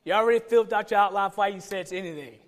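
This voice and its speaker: A pastor with a high-pitched voice preaches in a relaxed, conversational way. He fires off one rhetorical question after another and teases the congregation in between. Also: racing. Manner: asks many rhetorical questions; informal, joking with the congregation. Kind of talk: conversational sermon.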